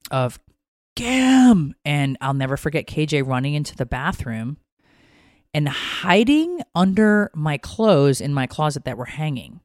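A woman's voice: sits low, animated, normal speed, no echo, clean studio sound. Emotional, swearing woman podcaster. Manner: emotional, rambling, swears freely. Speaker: podcast co-host. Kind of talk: casual chat.

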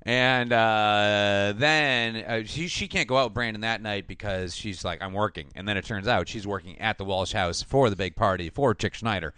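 A man casually recapping a TV episode, animated and acting out the characters' lines. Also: fairly low pitch, moderate pace, hardly any pauses, clean tone, no echo. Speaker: podcast host recapping a TV episode. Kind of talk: casual chat.

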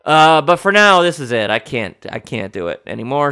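Guy doing a solo podcast, bright voice that jumps up and down a lot, rambly and self-mocking. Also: medium pitch, very animated, moderate pace, few pauses, clean tone. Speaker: podcast host. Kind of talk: casual solo podcast chat.

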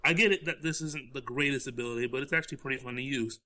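A man's voice: medium pitch, quick pace, sharp tone. A man hosting a podcast in casual chat, dry and joking, explaining game tactics in detail. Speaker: podcast host.

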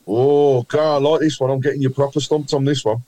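A man's voice: medium pitch, fairly even intonation, dark tone, no echo, rough recording. Brummie man teasing a quiz. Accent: Birmingham. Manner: teasing, drawn-out quiz clues. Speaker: quiz host. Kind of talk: casual podcast banter.

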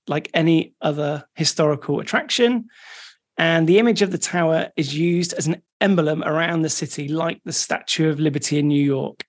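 A podcast co-host in easy, casual conversation, going back over updates and facts sent in by listeners. The delivery is relaxed and sits at a middling pitch, with nothing forced about the pace. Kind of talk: casual chat.

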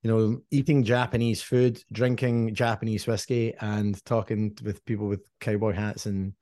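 A man's voice: lowish voice, level tone, normal speed, mellow, no echo, clean studio sound. A man co-hosting a whisky podcast in casual chat, cracking jokes at his own expense. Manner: jokey, self-deprecating. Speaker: podcast co-host.

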